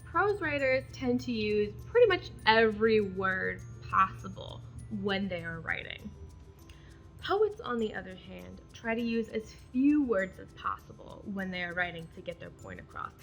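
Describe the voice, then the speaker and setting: Hosting a relaxed poetry video, a young woman talks through poetic terms before reading examples aloud. Her mid-range voice is gravelly and unhurried, with big pitch swings, and faint music plays behind her.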